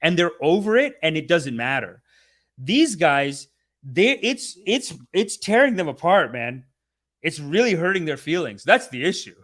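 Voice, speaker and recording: Brief: young male host, higher-pitched voice, loose and swearing, acts out quotes for laughs. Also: a little slow. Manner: animated and profane, acting out others in mock voices. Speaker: show host reviewing a documentary series. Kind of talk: casual rambling review monologue.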